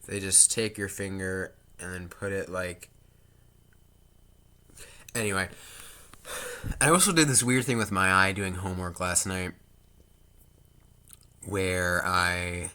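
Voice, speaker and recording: Rambling jokey young man, very bright voice. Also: sits low, takes it slowly, long pauses, clean tone. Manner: rambling, self-interrupting, jokey asides. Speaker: vlogger. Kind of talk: rambling casual vlog chat.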